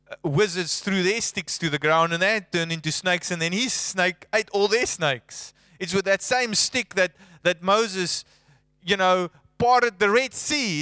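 A man's voice: sits high, bright, forceful tone, clean tone, dry recording. A man preaching a sermon, emphatic and building through long lists.

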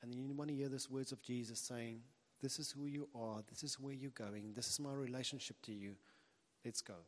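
A man's voice: mid-range voice, steady tone, a little fast. Man preaching in an echoey hall. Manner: earnest, conversational preaching with restarts. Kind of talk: sermon.

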